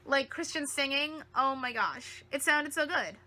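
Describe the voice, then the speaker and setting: A woman's voice: high-pitched, unhurried, pushed and bright. A woman reviewing a TV episode in a fan vlog, gushing with giggly, breathless enthusiasm.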